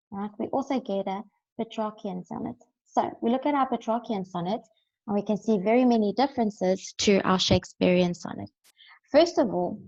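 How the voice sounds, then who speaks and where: A woman's voice: medium pitch, darkish tone, dull audio. A woman teaching a recorded lesson, explaining step by step and often checking in with "right?".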